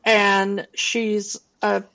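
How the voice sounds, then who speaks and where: A woman's voice: medium pitch, flat delivery, very slow, fairly bright tone. A woman in her forties, co-hosting a casual film podcast and rambling loosely with plenty of fillers and restarts. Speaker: podcast co-host.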